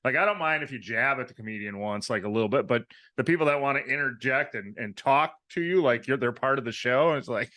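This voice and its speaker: A man hosting a podcast, chatting in a relaxed, agreeable way. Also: mid-range voice, fast talker, hardly any pauses. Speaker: podcast host. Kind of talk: casual podcast chat.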